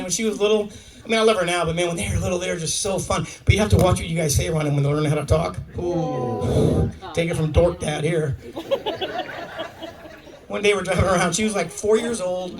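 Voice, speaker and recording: Recorded by someone in the audience across the room, this middle-aged comic has a high voice with a steady tone and moves fairly quickly. He spins stories on a comedy club stage, voicing the people in them, while a loud crowd laughs. The audio is poor and he sounds distant.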